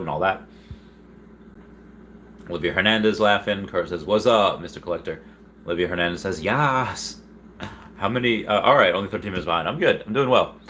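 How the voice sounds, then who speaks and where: A man hosting a casual livestream, reading viewer chat aloud in a rambling, excitable way with frequent laughs and restarts. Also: deep voice, a little hiss or hum.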